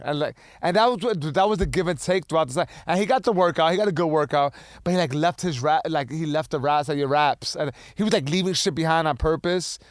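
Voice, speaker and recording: A man who works as a personal trainer, co-hosting a casual podcast and telling stories with animated voices for his clients. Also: a little high, quick pace, few pauses, no echo, studio quality. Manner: animated storyteller, imitates clients.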